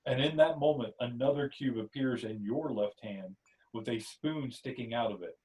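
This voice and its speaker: A man hosting a podcast, reading a spiritual story aloud in a steady second-person telling. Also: mid-range voice, normal speed, recorded from a distance, rough recording. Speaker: podcast host, story narrator. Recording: voice somewhat off-mic.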